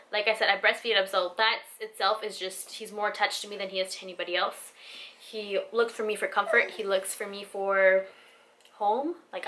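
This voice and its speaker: A woman's voice: medium pitch, pushed and bright. A young woman, a vlogger and new mother, talking candidly and from the heart to camera, swearing casually and filling her talk with "like" and "you know". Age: young adult.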